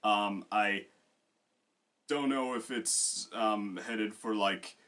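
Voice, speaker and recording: A man's voice: on the low side, extremely slow. A man co-hosting a casual discussion, rambling with many fillers and restarts. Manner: bursts into loud acted quotes. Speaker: co-host.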